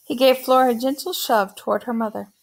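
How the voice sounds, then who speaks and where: A woman reading a children's novel aloud in a steady storytelling manner. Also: on the high side, brisk, vocal fry. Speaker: audiobook narrator.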